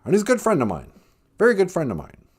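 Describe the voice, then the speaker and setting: A man doing a comedic impression of a male former president, speaking in a halting, earnest speechmaking cadence with drawn-out pauses. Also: sits high, wildly swooping pitch, husky, full character voice.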